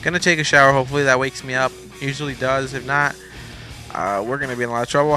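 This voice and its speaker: A man's voice: medium pitch, quick pace, gravelly, pushed and bright, soft background music. A young man casually commentating a wrestling video game, rambling, joking and swearing, a bit sleepy. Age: young adult. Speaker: gameplay commentator.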